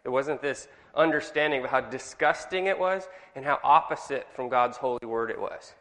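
A man's voice: medium pitch, normal speed, fairly bright tone, big-room sound. A man with a Californian accent leading a church Bible study group, chatty and firing questions at the group.

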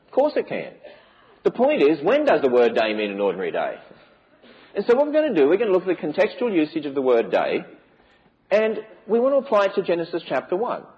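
A man's voice: a little high, wildly swooping pitch, fast, lo-fi sound. A man giving an emphatic preaching lecture to a church audience, with many rhetorical questions. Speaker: speaker on biblical creation.

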